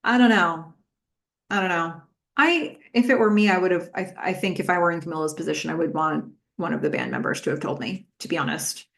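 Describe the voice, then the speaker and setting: A woman's voice: lowish voice, very animated, a little fast, gravelly. A woman hosting a podcast, giving a chatty recap of a TV episode with many fillers and questions for her listeners. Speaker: podcast host.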